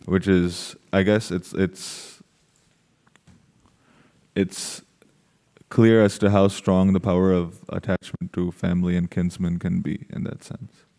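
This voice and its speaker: A man's voice: low-pitched, little pitch movement, takes it slowly, creaky, long pauses, warm tone. A man taking part in a study group, answering a question hesitantly and with many fillers. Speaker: class participant.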